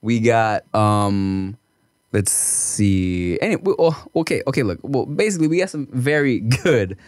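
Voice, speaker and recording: A man's voice: mid-range voice, animated, a little slow, a little mellow, no room sound. A man hosting a podcast, chatting casually and making crude jokes with laughter. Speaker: podcast host. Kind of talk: casual chat.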